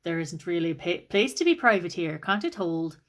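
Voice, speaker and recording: A woman reading aloud, voicing an offhand, dismissive young man who is an older brother, in a flat, casual way. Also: on the low side, moderate pace.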